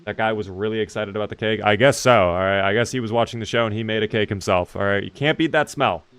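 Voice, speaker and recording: A man's voice: on the low side, fast talker, a bit bright, smooth. A man chatting casually with his live-stream chat while playing a video game, reading out and answering viewers and swearing now and then.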